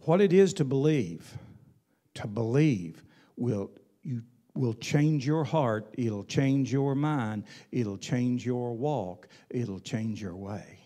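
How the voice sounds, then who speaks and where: A man's voice: medium pitch, lively intonation, takes it slowly, dark tone. A male pastor preaching a sermon in an emphatic, folksy way, with colloquial asides.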